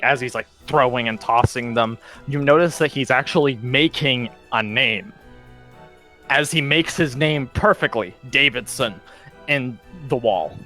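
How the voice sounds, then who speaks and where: A man's voice: mid-range voice, bright, forceful tone. A man running a tabletop game over voice chat, narrating in a loose, rambling way with plenty of ums and "such like that." He is casual and conversational, with faint music underneath. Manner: casual and meandering, full of fillers and "such like that". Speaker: game master.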